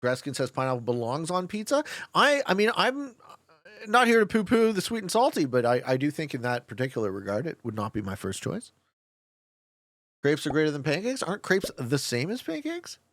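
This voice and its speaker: A young man chats casually while streaming a strategy game, cracking jokes and laughing as he reads and answers his chat. His voice sits a little high and swings widely in pitch. The sound is dry and close, with no room around it. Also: wildly swooping pitch, a little fast, a bit bright, no echo. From Canada.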